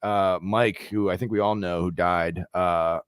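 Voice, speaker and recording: A man from Philadelphia, a comedian guest on a podcast, telling a story in casual chat, animated and profane with many restarts and fillers. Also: deep voice, measured pace, clear, resonant tone, no echo, studio quality.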